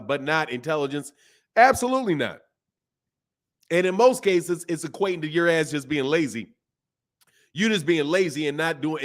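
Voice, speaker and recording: A man hosting a boxing livestream, talking loosely and casually in slang with frequent restarts while reading out viewer chats. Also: on the high side. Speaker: boxing channel host.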